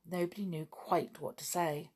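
A woman reading a children's storybook aloud in calm, even narration. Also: fairly low pitch, normal speed, slightly rough. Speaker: audiobook reader.

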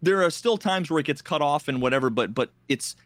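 A man's voice: fairly high pitch, expressive, fairly quick, no echo. A man co-hosting a casual gaming podcast, rambling with many restarts and acting out other players' lines. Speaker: podcast co-host.

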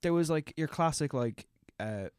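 A man's voice: fairly high pitch, animated, moderate pace, a little mellow, no echo, studio quality. A man in casual conversation, rambling through his thoughts with lots of fillers and swearing. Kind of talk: casual chat.

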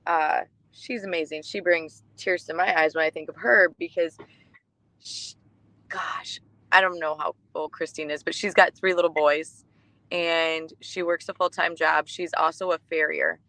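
A woman co-hosting a podcast, telling stories in casual chat, warm and emotional, with many restarts. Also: sits low, steady tone, moderate pace, no echo, rough recording. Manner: chatty storytelling with restarts, emotional. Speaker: podcast co-host.

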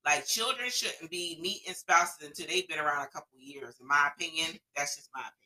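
A woman's voice: deep voice, fairly quick, bright, forceful tone, low-quality recording. A woman co-hosting a podcast, chatting casually and giving blunt, opinionated takes with some swearing. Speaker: podcast co-host. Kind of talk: casual chat.

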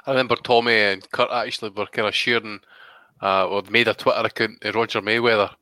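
A man talks boxing on a podcast in a blunt, sweary way. His voice is bright and forceful, recorded dry and close. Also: fairly low pitch, little pitch movement, quick pace, no room sound. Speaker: podcast co-host. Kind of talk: casual boxing chat.

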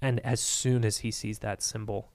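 A man's voice: on the low side, little pitch movement, normal speed, darkish tone, dry recording. A man running a tabletop role-playing game as game master, narrating scenes, laughing often and jumping into character voices. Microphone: studio mic.

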